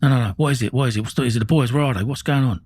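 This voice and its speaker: A man's voice: medium pitch, racing, darkish tone, breathy edge, dry recording, close to an everyday voice. A man doing his worried older dad. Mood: alarmed. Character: working-class father, older man, easygoing then alarmed.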